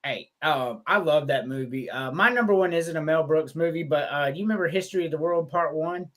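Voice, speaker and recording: A man on a casual podcast retells comedy scenes with gusto. His voice sits high and he bursts into loud acted-out lines. He swears freely as he talks. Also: brisk. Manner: animated, swearing, acts out quotes in loud voices. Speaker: podcast co-host.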